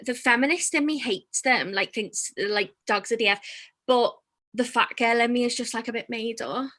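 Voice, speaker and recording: A woman's voice: fairly high pitch, sharp tone, slight background noise, low-quality recording. A young woman comedian doing a chatty, self-deprecating stand-up set over a video call, laughing between jokes. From England.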